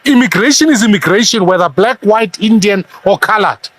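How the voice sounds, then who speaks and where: High-pitched emphatic man. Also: lively intonation, brisk, fairly bright tone. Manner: emphatic, argumentative.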